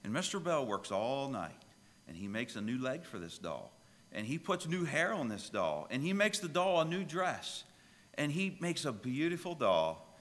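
Man preaching a sermon, bright voice, big swings in pitch, echoey church hall. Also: normal speed. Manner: storytelling preacher, lively and emphatic. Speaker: pastor.

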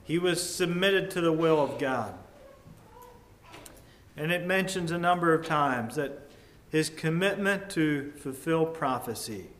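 Male preacher, slow and earnest, rises loud then drops to a hush; echoey church room with faint background hum. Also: fairly high pitch. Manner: measured, earnest, with sudden swings between loud and hushed. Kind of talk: sermon.

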